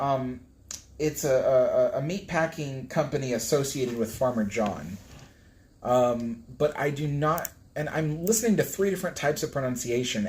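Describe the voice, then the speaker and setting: A man's voice: medium pitch, a little mellow, slight background noise. A man hosting a casual live stream, flustered as he stumbles over hard pronunciations and laughs at himself. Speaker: livestream host reading a book.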